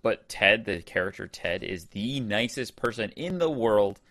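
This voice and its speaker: A woman co-hosting a podcast in casual chat, enthusiastic and quick to laugh. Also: extremely low pitch, animated, a bit bright, no echo, studio quality.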